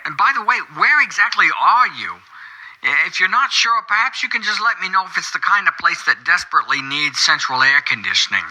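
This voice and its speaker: Older male caller for a comic bit: a wordy, folksy rambler with a piercingly bright tone. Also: high-pitched, expressive, quick pace, few pauses, poor audio. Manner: rambling, wordy and folksy, piling up quirky questions. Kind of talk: comedic call-in monologue.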